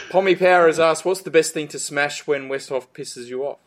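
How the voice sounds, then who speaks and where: A man's voice: fairly quick, hardly any pauses. An Australian man hosting a casual fan podcast, reading listener questions, passionate and prone to swearing. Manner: passionate, swearing, trailing off low.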